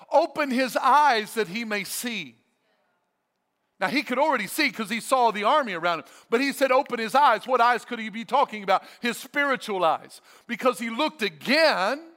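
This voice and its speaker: A man preaching a sermon as a pastor, emphatic and energetic, repeating his phrases for effect. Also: very high voice, big-room sound. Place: church sanctuary.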